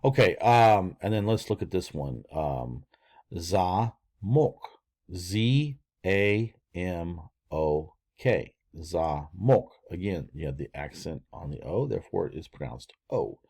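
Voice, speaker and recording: A man's voice: deep voice, lively intonation, unhurried, vocal fry, few pauses, darkish tone. An older man teaching a casual language lesson, rambling with lots of fillers and restarts. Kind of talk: casual screen-share lesson.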